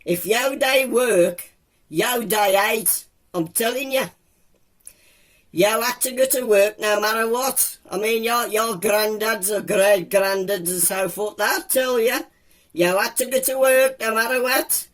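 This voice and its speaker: A woman's voice: on the high side, unhurried, close to an everyday voice. A woman voicing a grumbling male womble creature with a Black Country accent, talking in a drawling, moaning comic monologue.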